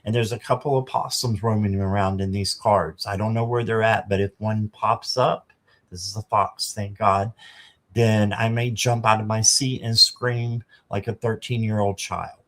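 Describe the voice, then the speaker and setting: A man's voice: on the low side, fairly even intonation, normal speed, a bit bright. A man doing a casual live tarot reading, chatting to viewers and reading the card text aloud. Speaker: tarot reader.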